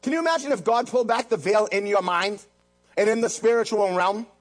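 A man's voice: high-pitched, a little fast, soft background music. A man preaching a sermon as pastor, emphatic, repeating key lines and mixing in jokes.

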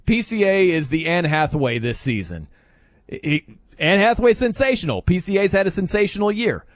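A man hosting a sports talk show, ranting in an animated, incredulous way with frequent laughs. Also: high-pitched, fairly quick, no room sound, clean studio sound.

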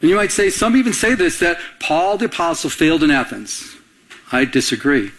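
Man, middle-aged, pastor, fairly high voice, conversational sermon, rhetorical questions, gets the crowd to respond. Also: very animated, normal speed, a bit bright. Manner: conversational preaching, calls on the congregation to answer.

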